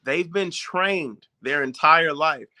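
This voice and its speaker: A man with a bright, forceful voice talks straight to his viewers about raising children. He sounds informal and direct, and he keeps checking that his listeners are following along. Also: a little high, takes it slowly. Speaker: parent giving parenting advice. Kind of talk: casual talk to viewers.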